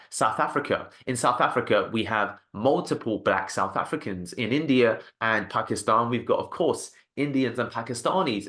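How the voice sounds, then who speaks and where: A man's voice: medium pitch, fairly bright tone. Agency founder, male, mid-range voice; punchy, repetitive motivational delivery. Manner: emphatic, repeats for stress, frequent "okay?". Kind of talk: motivational talk to camera.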